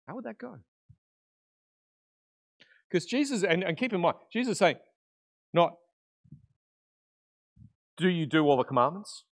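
A man preaching a conversational sermon in church, swinging between loud emphasis and quiet, intimate asides. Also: sits high, big pitch swings, unhurried, pauses often. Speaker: pastor.

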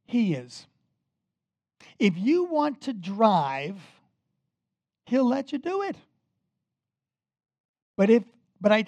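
Emphatic preacher with a dry sound. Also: male voice, sits high, no room sound, muffled recording. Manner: emphatic, rises and falls in loudness, talks straight to the congregation. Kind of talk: sermon.

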